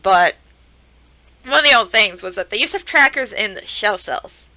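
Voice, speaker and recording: A young woman streamer giving casual, excitable reaction commentary, swearing and laughing as she talks to the screen. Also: medium pitch, normal speed, no room sound, rough recording.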